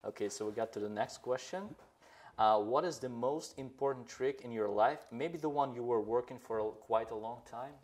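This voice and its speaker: Man, interviewer, medium pitch, short polite replies. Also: moderate pace, a little mellow. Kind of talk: interview questions.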